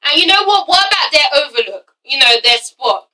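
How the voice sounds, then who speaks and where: A woman reviews a TV drama in a casual vlog, her voice high and bright, swinging widely in pitch and moving a little fast with a pushed edge. She's emphatic, swears often, and keeps checking in with "okay?" The mic is distant and the recording quality is low.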